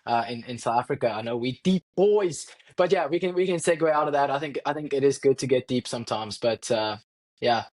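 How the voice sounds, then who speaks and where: Young guy cohosting a podcast, earnest and reflective, chatty, mid-pitched voice. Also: fairly quick, darkish tone. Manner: earnest, reflective, addresses listeners directly. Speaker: podcast co-host. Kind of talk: casual chat.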